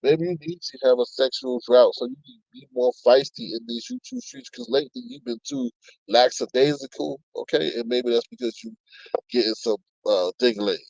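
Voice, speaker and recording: A man's voice: medium pitch, sing-song, moderate pace, vocal fry, darkish tone, dry recording. Profane ranting man, dull dry sound. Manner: reads chat comments aloud. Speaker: commentary channel host. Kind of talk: casual commentary on online drama.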